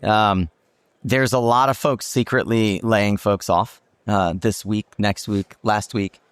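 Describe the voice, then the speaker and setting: A man's voice: lowish voice, fairly even intonation, takes it slowly, smooth, dry recording, studio quality. A man hosting a roundtable talk at a trade show, reflective and thinking aloud with many fillers. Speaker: podcast host. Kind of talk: roundtable discussion.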